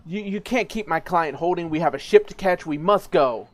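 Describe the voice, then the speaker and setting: A man playing a hurried magician who rushes his client along, sounding a little higher than an ordinary man. He speaks urgently and insists on leaving. It is heard in a home tabletop game. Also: close to an everyday voice. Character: hurried male magician escort.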